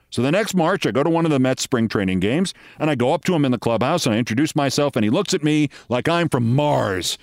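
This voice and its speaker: A man's voice: expressive, fast, hardly any pauses, no room sound. Dry-voiced man telling a story. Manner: conversational, acts out quoted people with raised pitch. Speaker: show host. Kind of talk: storytelling monologue.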